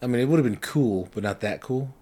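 A young man co-hosting a casual podcast, telling profane stories with lively impressions of the people in them. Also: mid-range voice, quick pace. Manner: profane storytelling, animated impressions. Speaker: podcast co-host. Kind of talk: casual chat.

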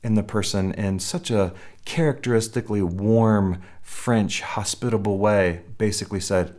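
A man with a fairly low voice delivers a sermon in a relaxed, conversational style. He restarts phrases as he goes and slips into short acted quotes to make his points. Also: normal speed, few pauses. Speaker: pastor.

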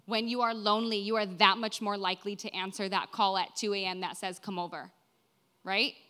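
A young woman in her twenties gives a sermon in a church, her tone bright and forward. She talks earnestly and conversationally, often tossing in "right?" and "like" as she speaks to the congregation. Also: medium pitch, little pitch movement, brisk, smooth. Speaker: preacher.

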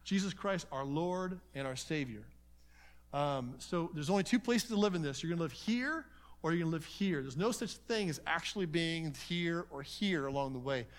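A man's voice: a little high, moderate pace. A man teaching a conference seminar in a conversational way, telling stories and acting out conversations with many asides. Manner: animated storytelling, acts out conversations.

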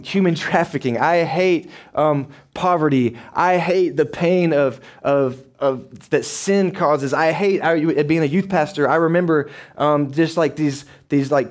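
A young man preaching to his church. His voice sits at an ordinary middle pitch, and he talks loosely and conversationally, with plenty of fillers, tag questions and lively storytelling. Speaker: pastor. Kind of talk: sermon. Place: church sanctuary.

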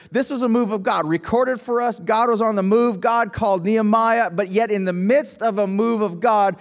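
Guy preaching a sermon, higher voice, keeps restarting phrases and going "come on". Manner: emphatic preaching with rhetorical questions and repeated restarts. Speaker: pastor.

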